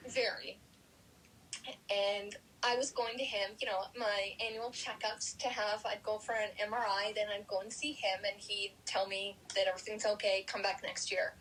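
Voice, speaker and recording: A woman guest on a podcast interview, retelling personal experiences in a lively, animated way. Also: mid-range voice, moderate pace, slight background noise, poor audio.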